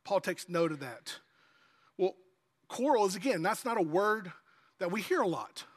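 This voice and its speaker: A man's voice: high-pitched, expressive, normal speed, big-room sound. A man, a pastor preaching a sermon in a conversational, folksy way with humor.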